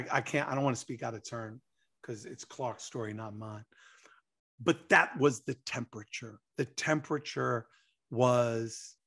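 Excitable man telling stories, gravelly. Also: mid-range voice. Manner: excitable, acts out quotes, laughs. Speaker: interview guest. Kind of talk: animated storytelling.

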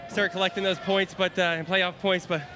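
A man who just won a race, out of breath and excited, raising his voice in a post-race interview at an outdoor track on a handheld mic. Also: sits high, fairly quick, music in the background, crowd noise. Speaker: race-winning driver. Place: outdoors at a racetrack. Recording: loud outdoor racetrack noise.

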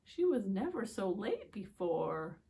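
A woman voicing a nest of hungry, anxious baby birds in a high peeping voice. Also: sing-song, slow pace, vocal fry, dark tone, full character voice. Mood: worried peeping.

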